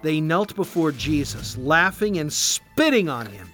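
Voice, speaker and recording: A man narrating a storybook slowly and expressively. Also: a little high. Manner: slow, expressive. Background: background music.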